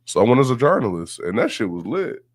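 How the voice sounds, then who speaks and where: A man's voice: medium pitch, very animated, fast talker, no room sound. A man from Houston with a Southern accent, telling stories in a laid-back, profane interview chat and laughing often. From Houston, Texas. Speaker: guest. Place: radio station studio.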